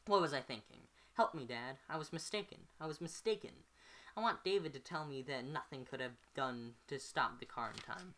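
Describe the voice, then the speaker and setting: Low-voiced woman reading a novel aloud. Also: moderate pace, few pauses, a bit bright. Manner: stumbles and self-corrects on words. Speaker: amateur reader.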